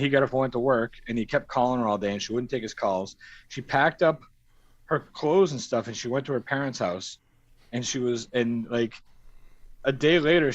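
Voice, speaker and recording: A man's voice: medium pitch, no echo, lo-fi sound. A man telling a crude anecdote on a casual stream, swearing and acting out the quotes. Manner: profane, animated storytelling with acted-out quotes. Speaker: storyteller on a stream.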